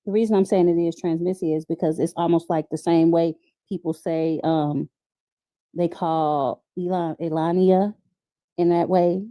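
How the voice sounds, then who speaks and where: Dark-voiced, calm woman co-host. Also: fairly low pitch, moderate pace. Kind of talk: casual chat.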